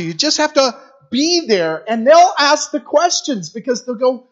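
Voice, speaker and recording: A man's voice: very high voice, big pitch swings, measured pace, muffled recording. A middle-aged man preaching a sermon in a conversational, storytelling way, repeating phrases for emphasis. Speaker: guest preacher for a youth ministry.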